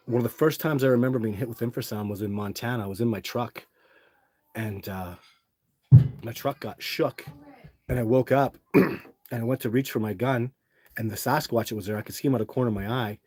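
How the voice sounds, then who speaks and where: A man's voice: mid-range voice, moderate pace, pauses often, darkish tone, dry recording. A middle-aged man hosting a livestream, telling long rambling stories to his live chat with lots of restarts and fillers. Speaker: livestream host. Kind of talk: casual storytelling to a live chat.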